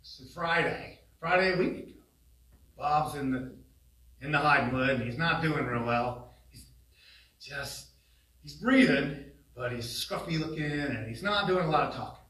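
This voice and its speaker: A man telling humorous family stories in a eulogy at a funeral home, animated and laughing along, recorded from a distance. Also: on the high side, unhurried. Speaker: son giving a eulogy. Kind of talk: humorous memorial storytelling. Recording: roomy, distant hall sound.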